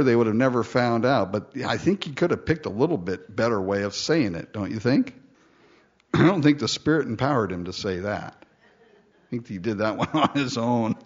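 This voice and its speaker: A man preaching a sermon in a joking way, acting out the story in voices. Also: mid-range voice. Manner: animated, joking, acts out the lines in voices. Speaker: pastor. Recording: dull, lo-fi sound.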